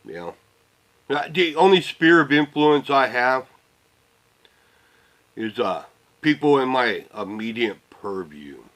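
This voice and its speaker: A middle-aged man ranting casually to the camera, rambling and swearing, often trailing off into low mutters. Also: sing-song, takes it slowly, pauses often, a bit bright, rough recording. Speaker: vlogger.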